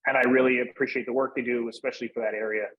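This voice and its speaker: A man's voice: medium pitch, little pitch movement, racing, dull audio. A man from Northeast Pennsylvania, a guest in a casual interview, speaking in an easygoing way with "you know" fillers. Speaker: guest, cigar brand manager.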